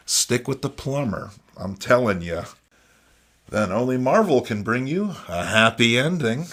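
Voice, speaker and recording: A man's voice: medium pitch, very animated, slow pace, a bit bright, slightly rough. A man hosting a casual, jokey review of old comics, full of sardonic asides and "you know what I mean.". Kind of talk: casual comedic commentary.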